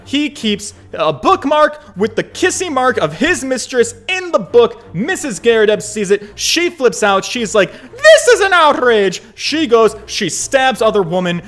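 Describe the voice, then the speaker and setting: Animated, high-voiced male streamer. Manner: animated, joking, swears freely. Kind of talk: casual let's-play commentary.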